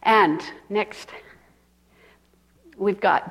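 Woman giving a sermon, slow and chatty, asks the crowd questions. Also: mid-range voice. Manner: asks the audience questions, conversational. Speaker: preacher. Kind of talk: sermon, teaching.

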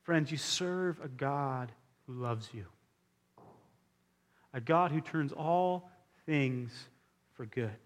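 A man's voice: mid-range voice, slow pace, long pauses. A man preaching a sermon as pastor, earnest and emphatic, repeating key phrases for weight. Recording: long hall reverb.

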